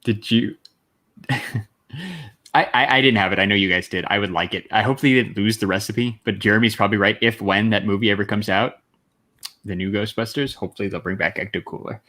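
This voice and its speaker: A man's voice: lowish voice, brisk, bright, forceful tone. An easygoing man co-hosting a podcast in casual chat, who laughs readily and reads out listener comments. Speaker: podcast co-host.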